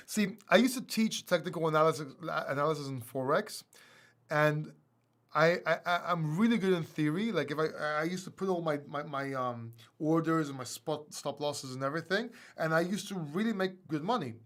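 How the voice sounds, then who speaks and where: Animated Greek man hosting a live stream. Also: a little high, moderate pace. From Greece. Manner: animated and self-mocking, laughs often, bursts into loud acted outbursts. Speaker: crypto live-stream host. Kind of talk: casual live-stream chat, reading viewer questions.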